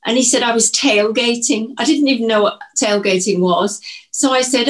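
An older Englishwoman, the host's mother, co-hosts a casual podcast chat, telling stories with lots of giggles. Her voice is a little high and she talks at a normal speed.

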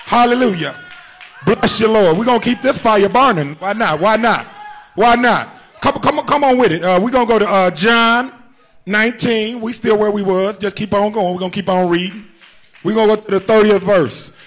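A man preaching with a high-pitched, fervent voice. He repeats his phrases, calls out to the congregation, and sometimes lifts into a shout as he drives his sermon home. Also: fairly quick. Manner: rises to shouts at times. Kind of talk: Good Friday sermon.

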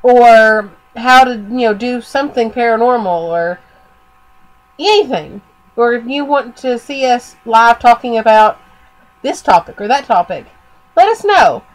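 This podcast co-host has a slightly high voice and speaks at a measured pace. She's rambling through a casual chat, full of fillers, as a cold steals her voice.

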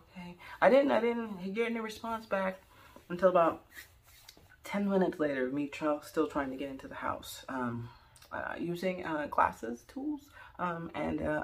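A woman's voice: lowish voice, moderate pace, gravelly. A young woman telling a rambling, jokey story in a casual vlog, full of "like" and "um". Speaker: vlogger.

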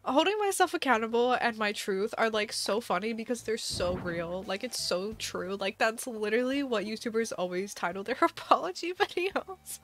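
A woman's voice: fairly high pitch, animated, slow pace, long pauses, faint music behind. A young woman streamer chatting casually to her live chat, laughing often and filling her talk with "like". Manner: giggly, chatty, lots of "like" fillers.

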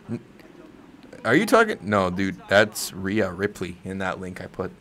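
A man hosting a casual livestream, reacting to wrestling, swearing freely and breaking into loud yells. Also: lowish voice, moderate pace. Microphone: desk microphone.

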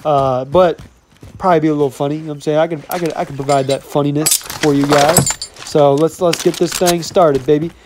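Young male gaming creator, fairly high voice, upbeat hype commentary over gameplay, full of casual catchphrases. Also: steady tone, brisk, background noise. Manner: upbeat hype talk, keeps saying "you know what I'm saying". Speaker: gaming YouTuber.

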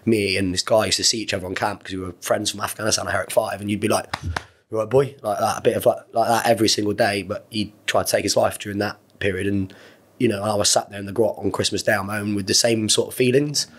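Fast-talking husky man. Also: lowish voice, steady tone. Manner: rapid, rambling and earnest, with heavy swearing. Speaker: podcast guest, former Royal Marine. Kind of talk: candid conversational interview.

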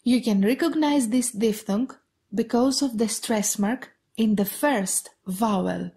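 A woman with a Greek accent teaching pronunciation on a podcast, saying each example word slowly and repeating it twice. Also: fairly high pitch, mellow. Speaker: Greek language tutor. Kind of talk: podcast lesson.

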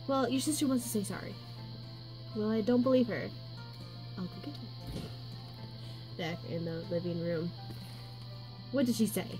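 A woman's voice: medium pitch, moderate pace, pauses often, music in the background. A young woman reading her part of a homemade story, playful and giggling. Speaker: co-reader of the story. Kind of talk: giggly home-made story reading with voices.

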